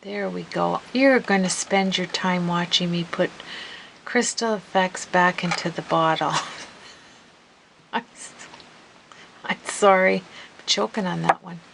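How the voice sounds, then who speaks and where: A middle-aged woman chatting casually as she works on a crafting video, murmuring softly and then breaking into giggles and apologies. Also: lowish voice, unhurried, vocal fry, slight background noise, poor audio. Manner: soft murmuring while working, bursting into laughter and giggly apologies. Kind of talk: casual crafting tutorial chat. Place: home craft room. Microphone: camera mic.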